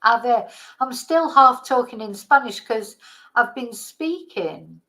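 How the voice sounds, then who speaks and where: A woman's voice: on the high side, animated, slow pace, pushed and bright, low-quality recording. A middle-aged woman hosting a casual live chat, rambling and greeting her viewers by name, sounding tired. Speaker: livestream host.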